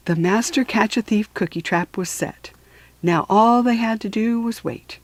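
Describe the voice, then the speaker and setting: Woman narrator for a kids' read-aloud, expressive, whispers at tense moments, mid pitch. Dry, close recording. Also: measured pace, no room sound. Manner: expressive, drops to a whisper for suspense. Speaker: children's book reader. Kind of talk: reading a storybook aloud.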